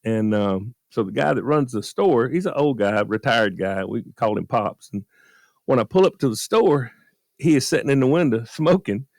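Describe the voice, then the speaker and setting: A man tells a story on a radio podcast, his pitch swinging widely as he acts out each person. The sound is dry and close, with no room around it. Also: moderate pace, gravelly, no room sound. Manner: animated storyteller, acts out quoted voices. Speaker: guest storyteller, former beer truck driver. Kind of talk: casual anecdote on a radio podcast.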